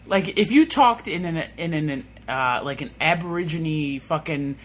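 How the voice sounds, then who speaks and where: A man's voice: fairly high pitch, expressive, measured pace. A young man co-hosting a casual podcast, laughing often and swearing casually. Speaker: podcast co-host. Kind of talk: casual chat.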